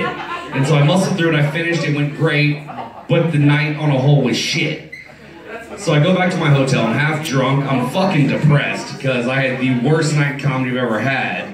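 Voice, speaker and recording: A stand-up comedian with a fairly high voice and slightly fast delivery tells profane, self-mocking stories to a live bar audience in a conversational style. The audio is roomy and distant, with a loud crowd and laughter in the background.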